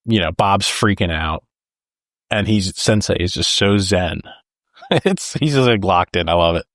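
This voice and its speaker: Low-voiced guy on a podcast, excitedly recapping a film scene by scene, dry close mic. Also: unhurried, dry recording. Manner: animated retelling with laughs, acts out lines. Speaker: podcast co-host. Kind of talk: casual film discussion.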